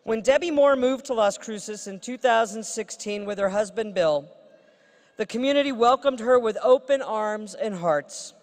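A woman's voice: on the high side, expressive, moderate pace. A woman who is a state senator gives a formal ceremonial introduction at a podium with playful asides. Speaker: state senator presenting an honorary degree. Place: large ceremony hall. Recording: reverberant ceremony hall.

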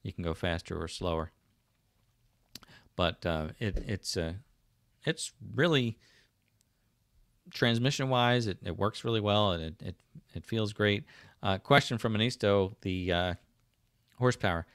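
South jersey guy hosting a livestream, lowish voice, lots of ums and restarts, dry sound. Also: measured pace, pauses often, a bit bright, clean tone, no echo. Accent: South Jersey / Philadelphia. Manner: rambling, many fillers and restarts, reads viewer comments aloud. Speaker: livestream host. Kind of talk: casual livestream chat.

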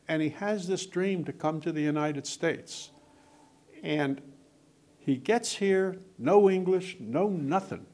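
A man's voice: fairly high pitch, slow pace, a little mellow. An older man, an author, chatting and telling anecdotes with lots of quoted dialogue. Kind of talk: casual storytelling in conversation.

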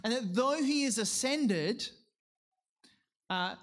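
A man preaches a sermon, reading scripture and praying in a lower, measured voice before turning to address the congregation casually with many fillers and self-corrections. His delivery is animated with a fairly bright tone.

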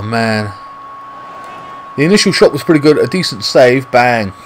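A man's voice: mid-range voice, expressive, normal speed, long pauses, slight background noise. A man with a British accent giving live commentary over his own football video game, swearing often and talking to himself in frustration. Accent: British English. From Britain. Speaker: gaming YouTuber.

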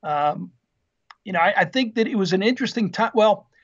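A man in his fifties, a podcast guest, telling family stories in a lively, casual way and acting out the dialogue. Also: high voice, brisk. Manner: lively storyteller who acts out quoted dialogue. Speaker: podcast guest, retired Marine officer. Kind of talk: casual storytelling interview. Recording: dull lo-fi sound.

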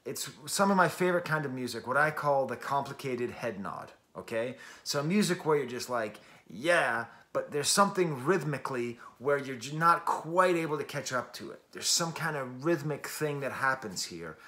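A man's voice: medium pitch, expressive, moderate pace, hardly any pauses, pushed and bright. A man hosting a casual music review, talking enthusiastically and chattily with self-deprecating asides.

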